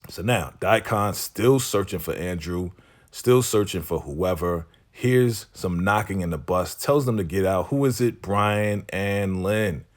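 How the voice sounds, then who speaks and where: A man's voice: low voice, measured pace. A man hosting a casual, chatty episode recap, amused and talking straight to his viewers.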